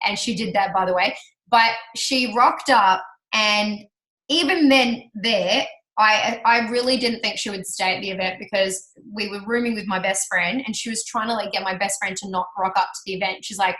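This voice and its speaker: A woman telling a personal story to an audience, chatty and animated, laughing often and acting out what people said. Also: medium pitch, normal speed. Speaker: speaker sharing her business success story. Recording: roomy hall reverb.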